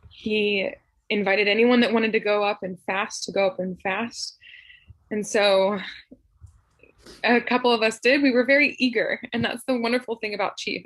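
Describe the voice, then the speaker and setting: A young woman from Tennessee sharing a heartfelt personal remembrance over a video call, soft and emotional, with frequent laughs and fillers. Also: mid-range voice, no room sound, poor audio. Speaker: memorial speaker.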